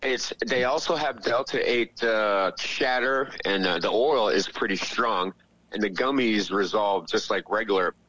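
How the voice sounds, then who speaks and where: An eager man calls in to a show, tripping over his words as he jumps in. His voice has a bright, forceful edge. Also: on the low side, a little slow, no room sound, rough recording. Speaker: caller. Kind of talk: casual chat.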